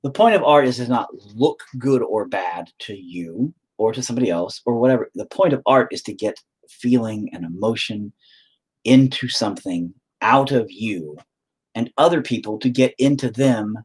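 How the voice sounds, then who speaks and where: A man's voice: medium pitch, expressive, normal speed, slightly rough. A man chatting casually while he paints, rambling, swearing often and talking to himself. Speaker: painting streamer.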